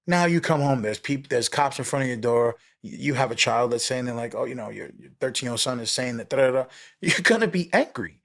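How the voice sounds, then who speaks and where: A man, a former police officer, telling a story as a podcast guest in casual speech, animated, peppered with "right?" and "you know" and the odd swear. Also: medium pitch, brisk, creaky. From New York City.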